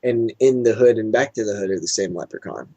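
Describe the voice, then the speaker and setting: A man's voice: lowish voice, brisk, dark tone, dry recording. Profane rambling man, dry sound. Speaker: podcast co-host. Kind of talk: casual chat.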